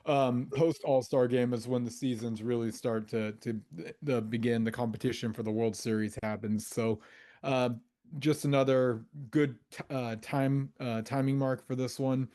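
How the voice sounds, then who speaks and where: A man's voice: medium pitch, fairly even intonation, normal speed, mellow. A man co-hosting a casual movie podcast over a video call, explaining his pick in enthusiastic, meandering talk. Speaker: podcast co-host. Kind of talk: casual chat among friends.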